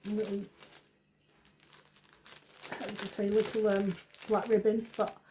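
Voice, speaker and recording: A woman's voice: mid-range voice, mellow, slight background noise, low-quality recording. A woman running a craft demonstration, chatting through each step in a casual, self-deprecating way. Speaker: craft shop owner demonstrating.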